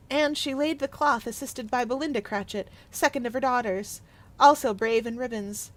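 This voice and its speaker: A woman streamer reading a classic story aloud on a live stream and chatting excitedly with viewers. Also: a little high.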